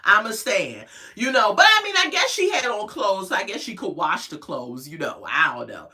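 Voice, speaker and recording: Sassy, animated woman recapping reality TV. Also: mid-range voice, fairly quick, far from the mic. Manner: animated, gossipy, sassy asides, laughs often. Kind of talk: casual recap chat.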